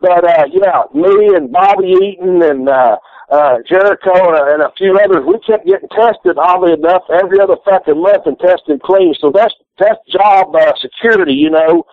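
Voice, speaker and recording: A guest wrestler with a Southern US accent and a high-pitched voice calls in from his living room for a phone-in interview, rambling, swearing and joking at normal speed. The audio is a dry phone-line recording.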